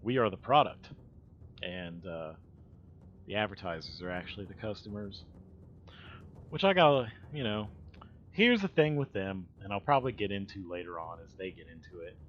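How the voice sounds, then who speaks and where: A man's voice: sits low, lively intonation, normal speed, long pauses, a little hiss or hum. A man chatting casually on a livestream, rambling and swearing, often trailing off mid-sentence. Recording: dull lo-fi stream audio with faint music.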